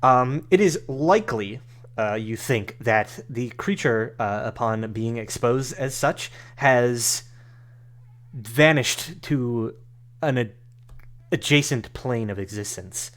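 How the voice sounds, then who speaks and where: A man runs a tabletop game in a middle-pitched voice. He narrates loosely and casually, stopping often to restart his sentences. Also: takes it slowly, a bit bright. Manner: rambling narration full of fillers and restarts. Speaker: game master.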